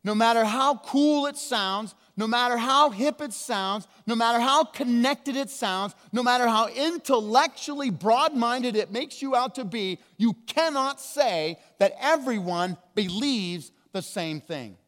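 A man preaching a sermon as pastor, emphatic, slowing down hard on key words, with big swings between loud and quiet. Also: very high voice, animated. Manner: emphatic, with slow drawn-out stresses and wide swings in loudness. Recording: long hall reverb.

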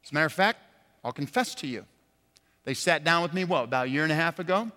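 Male pastor mid-sermon: high, bright, forceful voice, passionate, long church reverb. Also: expressive, quick pace. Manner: impassioned preaching, swinging from loud emphatic highs to quiet low stresses. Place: church sanctuary.

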